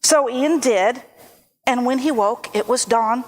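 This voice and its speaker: A woman telling a folk tale aloud at a church service, lively and expressive. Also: a little high. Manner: lively, expressive, slow storytelling.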